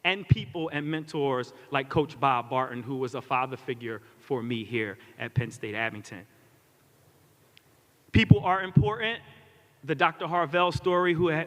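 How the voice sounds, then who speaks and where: A man's voice: a little high, a bit bright. Earnest man speaking in a reverberant hall. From Philadelphia. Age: 40s. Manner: earnest, repeats key lines for emphasis. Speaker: commencement speaker. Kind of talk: commencement speech.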